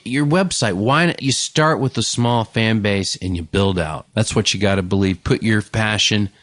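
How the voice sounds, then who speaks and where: A man hosts a comedy podcast and rattles through a chatty ad read. His voice sits low and his pace is quick and excitable. The studio sound is dry and close. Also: dry recording. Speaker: podcast host. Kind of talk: casual ad read and hosting.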